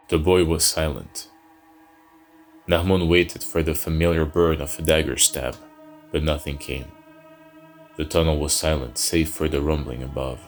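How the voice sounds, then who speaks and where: A man narrating a dark fantasy story in a slow, somber, measured way. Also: a bass voice, slight background noise.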